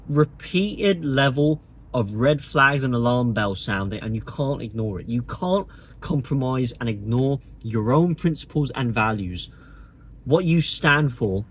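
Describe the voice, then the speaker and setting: A man vlogs his opinions straight to camera, sarcastic and exasperated. His voice is husky and breathy at a medium pitch. He sounds indignant and mocking as he pushes each point. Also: measured pace. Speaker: political vlogger.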